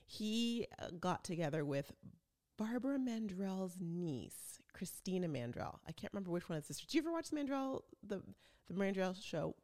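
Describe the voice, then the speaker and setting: A middle-aged woman hosts a podcast in a low, gravelly, darkish voice. She chats casually and tells stories, voicing the people she quotes.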